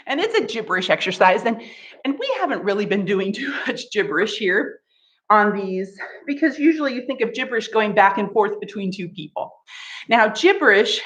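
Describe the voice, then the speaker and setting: A woman's voice: mid-range voice, a bit bright. A woman leading a live laughter yoga session, laughing often and chanting playfully. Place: home art studio.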